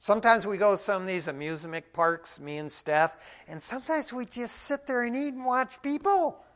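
Male preacher, fairly high-pitched, casual and folksy, quiet one moment, loud the next. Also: animated, normal speed. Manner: casual and folksy, often adds "man", swings from quiet to loud. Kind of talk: conversational sermon.

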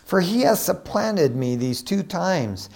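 A man preaching a sermon, reading aloud the lines of a desperate grown son begging his father, his voice pitched up and raised. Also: big pitch swings, slow, creaky, darkish tone, exaggerated voice. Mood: pleading.

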